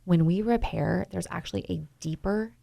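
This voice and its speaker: A woman coaching parents in a relaxed chat, her lowish voice heavy with gravelly fry. She talks with energy, slipping into short acted-out lines of what a parent might say to a kid. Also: normal speed, no room sound. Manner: animated, acts out little scenes of parent talk. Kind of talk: casual conversational advice.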